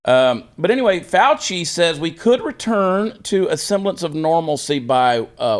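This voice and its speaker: A man hosting a casual political talk show, sarcastic and animated, often mocking others in put-on voices. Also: on the high side, measured pace, few pauses.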